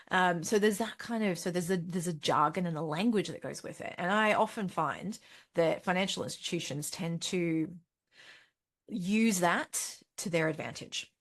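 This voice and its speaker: Aussie woman hosting a money webinar, lowish voice, chatty, keeps acting out what ppl think in her head. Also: moderate pace. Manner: chatty, acts out inner voices with sudden high pitch jumps; frequent self-corrections and soft laughs. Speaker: financial educator and webinar host. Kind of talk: webinar presentation.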